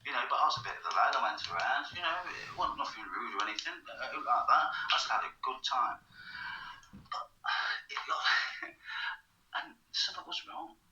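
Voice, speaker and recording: A man's voice: medium pitch, expressive, normal speed, pushed and bright, echoey room, far from the mic, dull audio. A man from England telling a long personal story in casual, rambling speech, swearing freely and often slipping into half-whispers. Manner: rambling, swears casually, frequent "you know what I mean", drops into half-whispers. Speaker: vlogger.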